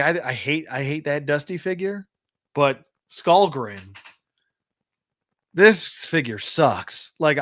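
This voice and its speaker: A man's voice: on the high side, fairly bright tone, low-quality recording. Rambling man reviewing toys. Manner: rambling, blunt, repeats and restarts while complaining. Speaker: action figure collector and channel host. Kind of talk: casual livestream toy review.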